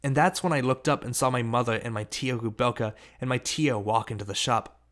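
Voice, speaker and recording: A man reading a novel aloud as an audiobook. His voice sits in a mid range, and he carries the first-person story along at an even, steady pace. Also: mid-range voice, a little fast. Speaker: audiobook reader. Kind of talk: audiobook narration.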